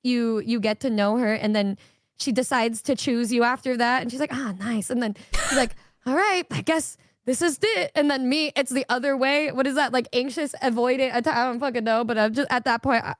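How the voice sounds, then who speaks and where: A woman's voice: fairly high pitch, fairly even intonation, dry recording, studio quality. A woman streamer chatting casually, rambling with lots of fillers and swearing. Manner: rambling, swears a lot, fast filler-heavy talk. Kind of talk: casual chat.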